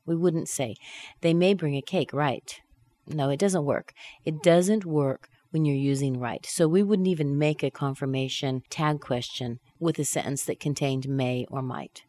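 A woman teaching a pronunciation lesson, reading model sentences slowly with exaggerated intonation. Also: deep voice, darkish tone. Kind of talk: recorded lesson.

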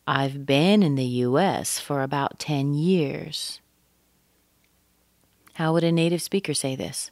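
A woman teaching English pronunciation, saying example words slowly and deliberately to show where the stress falls. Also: sits low, animated, dry recording, clean studio sound.

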